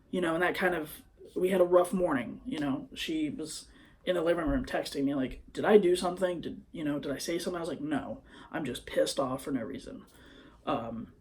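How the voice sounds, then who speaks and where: A young man vlogging into his phone, telling a personal story in a hesitant, rambling way full of fillers. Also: on the high side. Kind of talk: confessional personal vlog.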